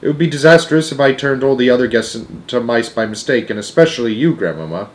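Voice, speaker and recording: A man's voice: medium pitch, animated, quick pace, close to an everyday voice. A man doing an eager boy-turned-mouse. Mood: earnest.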